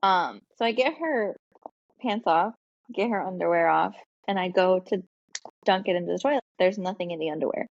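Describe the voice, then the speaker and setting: A woman co-hosting a podcast, telling a long casual story full of "like" and "um" and quick laughs. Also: fairly low pitch, dry recording, dull audio. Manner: chatty storytelling with frequent fillers and laughs. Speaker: podcast co-host. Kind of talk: casual chat.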